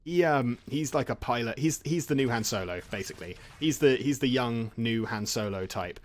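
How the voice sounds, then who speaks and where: A man rambles through a casual plot recap while he plays a game. He jokes, restarts and laughs often. His voice sits at an ordinary middle pitch. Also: lively intonation, normal speed. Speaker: gaming channel host.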